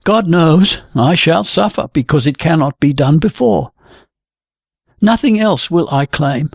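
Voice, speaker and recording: A man's voice: a little high, expressive, a little slow, gravelly, slightly rough, no room sound, clean studio sound, heavily acted. A reader voicing a pleading older man. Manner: earnest, insistent pleading. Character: aging man, pleading and protective.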